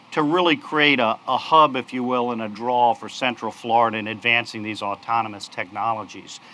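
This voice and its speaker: A man with a bright, forceful voice speaks at a podium. He is upbeat and polished, though he leans on small fillers between phrases. His pitch sits in the middle for a man. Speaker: company executive speaking at a launch. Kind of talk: press conference speech. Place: outdoor launch event.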